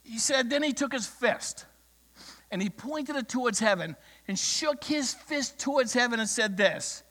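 A male pastor preaching a sermon, telling a story with passion and swinging from loud declarations to hushed words. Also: very high-pitched, animated, a little slow, long reverb tail.

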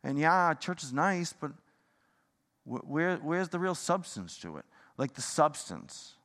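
New guy preaching, gets fired up then goes quiet, bit high voice, long echo in the church hall. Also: very animated, measured pace. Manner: fired-up, rambling, swings from loud to hushed. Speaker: pastor. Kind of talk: sermon.

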